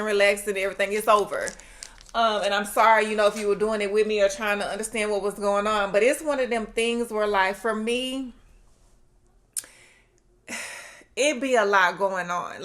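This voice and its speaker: A woman's voice: mid-range voice, a bit bright. A woman with a Southern US accent, talking candidly and from the heart to her vlog audience at home, recorded on a laptop mic. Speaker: vlogger. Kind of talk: casual talk to camera. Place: at home, indoors. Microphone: laptop built-in mic.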